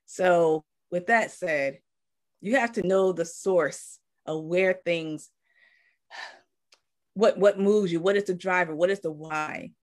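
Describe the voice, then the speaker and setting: A woman's voice: fairly low pitch, slow. A woman co-hosting a live talk stream, telling a heartfelt personal story and acting out quoted voices. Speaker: co-host.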